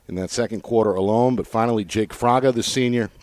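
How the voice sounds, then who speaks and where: A man calling a lacrosse game from the broadcast booth, recapping scores and plays in a brisk, measured manner. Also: on the low side, a little mellow, no room sound. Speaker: play-by-play announcer. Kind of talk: sports play-by-play commentary. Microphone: broadcast booth mic.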